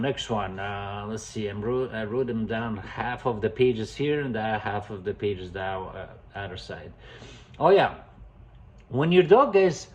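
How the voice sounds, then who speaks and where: A man's voice: fairly low pitch, darkish tone. A man giving casual dog-training advice, emphatic and constantly calling the viewers "guys". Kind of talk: casual instructional talk. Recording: dull lo-fi sound.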